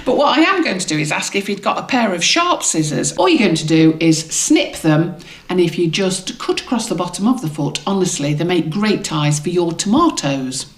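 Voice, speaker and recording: A woman's voice: fairly low pitch, expressive, normal speed, roomy sound. A woman co-hosting a gardening podcast, chatting playfully and rambling, with frequent giggles. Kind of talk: casual chat with gardening advice.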